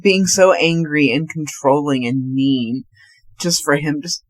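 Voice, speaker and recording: A woman co-hosting a podcast, talking at an unhurried pace in a mid-range voice. The sound is dry and close, with no room around it. She gives frank takes and is quick to voice her disgust. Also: deep voice, no room sound. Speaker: podcast co-host. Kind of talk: casual chat about a film.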